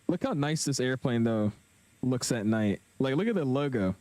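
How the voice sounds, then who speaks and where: A young man casually commentating his flight simulator live stream, chatting with viewers in a relaxed, slangy way. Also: medium pitch, normal speed, no echo. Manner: laid-back, chatty, slangy, reads chat aloud.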